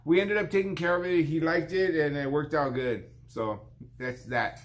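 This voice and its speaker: A man's voice: a little high, steady tone, normal speed. A man in his fifties, a barber hosting his own vlog, telling a shop story in a rambling, casual way and acting out his client's lines. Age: 50s.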